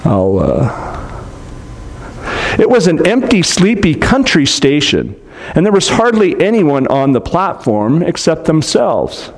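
A man's voice: fairly high pitch, wildly swooping pitch, takes it slowly. Man reading a storybook to kids. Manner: gentle, explanatory asides to kids. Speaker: storyteller for children. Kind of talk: reading a storybook aloud to children.

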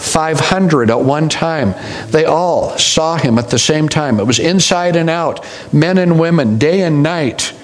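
A man's voice: a little high, low-quality recording. A male pastor preaching a sermon, telling stories with wry humorous asides.

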